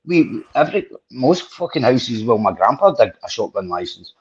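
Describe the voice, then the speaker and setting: A man hosts a casual podcast and tells long, sweary anecdotes full of restarts. His voice is slightly husky. The recording has a dull, lo-fi quality. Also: medium pitch, very animated, moderate pace. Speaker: podcast host. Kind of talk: casual storytelling chat.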